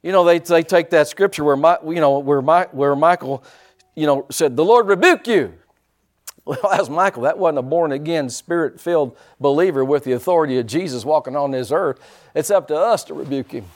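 A pastor with a fairly high voice preaches a little fast, animated and full of call-and-response. He calls out to the congregation, repeats lines for effect, and slips in folksy, joking asides.

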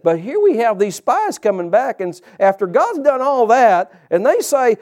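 A man preaches a lively sermon in a church, pitched high for a man. He keeps calling out to his congregation as he drives his points home. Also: moderate pace. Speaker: pastor.

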